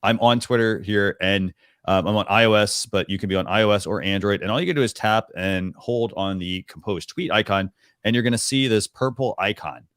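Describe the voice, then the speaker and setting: Male host, low voice, dry close sound, casual rambling demo style with frequent fillers. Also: fairly quick, a bit bright, clear, resonant tone, no room sound. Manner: chatty, rambling with many fillers and restarts. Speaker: show host. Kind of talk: casual live demo on a talk show.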